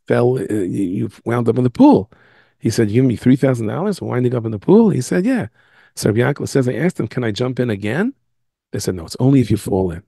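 A man's voice: medium pitch, creaky, mellow, no echo, studio quality. A man, a rabbi, giving a storytelling lecture over a video call, acting out the dialogue in his stories. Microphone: Zoom.

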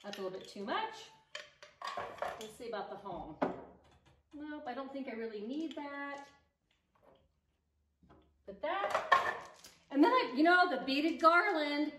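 A woman's voice: sits high, animated, measured pace, long pauses. A woman vlogging about home decor DIY, chatting enthusiastically and thinking aloud as she arranges pieces at home. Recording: roomy echo, distant mic, faint noise.

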